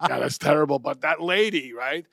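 A man's voice: fairly high pitch, lively intonation, moderate pace, vocal fry, sharp tone, dry recording. A man hosting a comedy podcast, telling stories in a blunt, profane, casual way. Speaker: podcast host.

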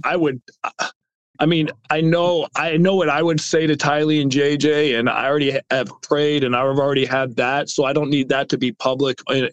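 Halting middle-aged man, dry close sound. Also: mid-range voice, smooth, no room sound. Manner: halting and repetitive. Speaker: podcast guest, brother. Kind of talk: personal interview talk.

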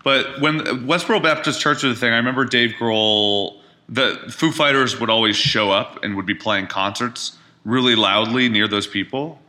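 A man co-hosting a podcast in casual chat, animated and swearing freely. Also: medium pitch, moderate pace, few pauses. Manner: animated, swearing, laughs easily. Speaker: podcast co-host.

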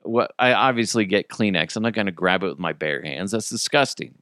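A man's voice: on the low side, a little fast, no echo, clean studio sound. A man in his thirties hosting his own podcast in a casual, joking way, swearing freely as he tells stories. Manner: animated, joking storyteller who swears freely. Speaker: podcast host. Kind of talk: casual solo podcast chat.

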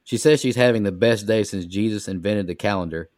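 A man co-hosting a podcast, recapping a movie plot in a steady, plain way. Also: lowish voice, a little fast, no room sound, studio quality. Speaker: podcast co-host.

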